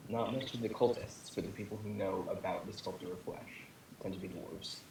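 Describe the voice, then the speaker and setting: A young man running a tabletop game speaks in a lowish voice, hesitant and full of fillers. Faint hiss and clicking sit behind him. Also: steady tone, brisk, gravelly. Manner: hesitant, many ums and uhs. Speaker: dungeon master.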